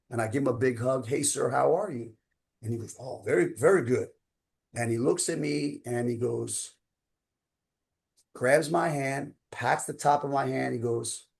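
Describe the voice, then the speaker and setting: A man's voice: mid-range voice, vocal fry, darkish tone. A man in his fifties, a coach telling a motivational story with emphatic, casual phrasing. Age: 50s. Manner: emphatic, casual slang such as man and dude.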